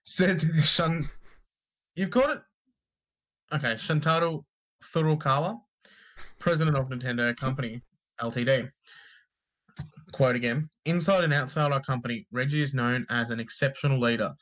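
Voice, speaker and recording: A man's voice: mid-range voice, normal speed, long pauses, a bit bright, poor audio. A man co-hosting a podcast, reading gaming news aloud in a casual, sweary, joking way and tripping over names. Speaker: podcast co-host.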